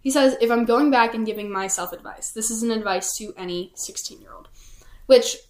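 A woman's voice: a little high, a little fast, darkish tone. Chatty teenage girl in an echoey room. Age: teens. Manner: chatty, heavy use of "like" and "um". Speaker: podcast co-host. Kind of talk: casual chat.

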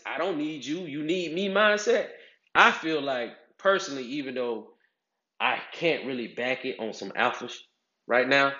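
A man's voice: medium pitch, fairly bright tone. A man, giving casual advice and acting out other people's voices with big swings. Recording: echoey, slightly dull sound.

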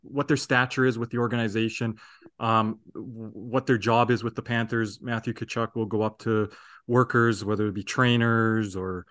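A man's voice: fairly low pitch, little pitch movement, normal speed, a bit bright. A man co-hosting a fan podcast in casual sports chat, talking in a rambling, earnest way. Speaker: podcast co-host.

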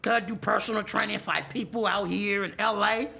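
A man being interviewed, talking loudly in casual street slang and swearing freely. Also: high voice, normal speed, gravelly. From Texas. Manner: loud, animated street talk with frequent profanity. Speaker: interview guest.

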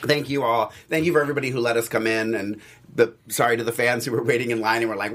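An easygoing man co-hosts a casual recap panel. He agrees readily, laughs often and keeps a middle pitch. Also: fairly even intonation, fast talker, a bit bright. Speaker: podcast co-host.

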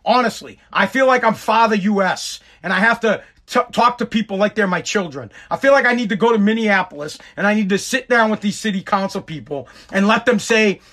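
A man's voice: high voice, a little fast, hardly any pauses, pushed and bright. A man with a tired, worn voice giving a profane, rambling, sarcastic casual monologue. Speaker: content creator.

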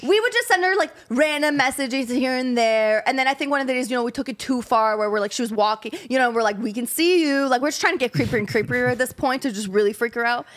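A woman's voice: fairly high pitch, fast talker, few pauses, fairly bright tone. A young woman who moved to the US as a child, telling a story in casual podcast chat, giggling through it with lots of fillers. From abroad, moved to the US at ten.

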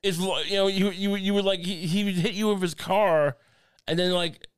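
A man's voice: sits high, steady tone, normal speed, clear, resonant tone. A man co-hosting a comedy podcast, rambling and stammering through jokes and laughing at his own bits. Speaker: podcast co-host. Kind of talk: casual comedic chat.

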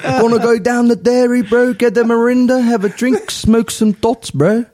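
A man's voice: extremely high pitch, steady tone, moderate pace, a little mellow, voice pushed up. A man putting on a slangy New Zealand bloke with an attempted Kiwi accent that drifts toward a California surfer. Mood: joking. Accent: attempted Kiwi, sounding Californian.

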